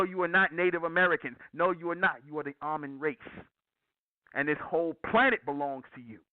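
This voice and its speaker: A man's voice: fairly high pitch, no room sound. A man hosting his own channel, delivering an impassioned preaching monologue in a raised, declaiming voice. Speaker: YouTube channel host. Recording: tinny phone-like sound.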